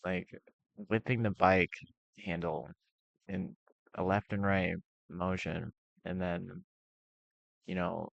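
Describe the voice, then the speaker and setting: A man's voice: sits low, vocal fry, dry recording, dull audio. A young man telling a rambling personal story in a casual vlog, full of fillers and restarts. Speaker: vlogger.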